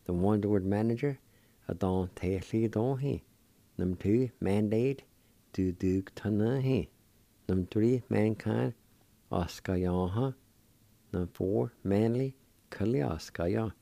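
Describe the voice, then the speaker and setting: A man's voice: on the low side, gravelly, warm tone, dry recording. A middle-aged man, patiently teaching words on the radio. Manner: patient, deliberate, repeats words slowly. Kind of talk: slow language lesson, spelling and pronouncing words.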